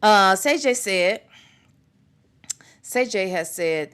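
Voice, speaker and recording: A woman's voice: medium pitch, expressive, slow pace, fairly bright tone, clear, resonant tone. A middle-aged woman hosting a casual livestream, greeting viewers by name and reading their comments aloud in a chatty, playful way. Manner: chatty and playful, laughs freely. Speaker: livestream host.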